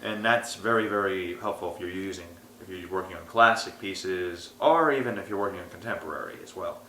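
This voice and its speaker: A man's voice: low-pitched, a little fast, slight background noise. A young man, an aspiring actor, telling stories in a casual interview and acting out the people in them. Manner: animated storyteller, acts out quotes. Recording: roomy echo.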